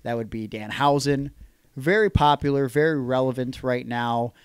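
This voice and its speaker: A man's voice: medium pitch, moderate pace, clear, resonant tone. A man hosting a podcast in casual chat, teasing his co-host with mock outrage.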